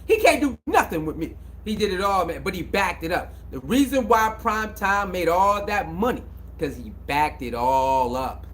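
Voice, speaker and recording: A man with a high, slightly bright voice delivers a casual sports commentary monologue at a moderate pace, his intonation lively. He's emphatic and repetitive, a bit preachy, and uses lots of slang.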